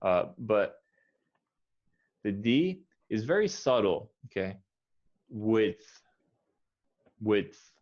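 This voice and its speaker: American male ESL teacher, low voice, patient corrective delivery, muffled lo-fi call audio. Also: very animated, a little mellow. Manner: patient, corrective, models words slowly. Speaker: English pronunciation teacher. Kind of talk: one-on-one pronunciation lesson.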